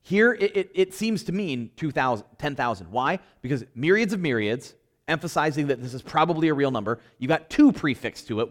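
A middle-aged man leading a casual Bible study, talking to the group, often restarting his sentences and laughing. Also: on the high side. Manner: animated, self-interrupting, laughs often, engages group.

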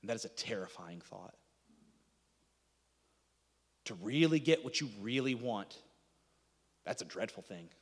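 A man preaching a sermon, dramatic, acting out quoted voices and dropping to a hushed intensity. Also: fairly low pitch, lively intonation, normal speed, long reverb tail.

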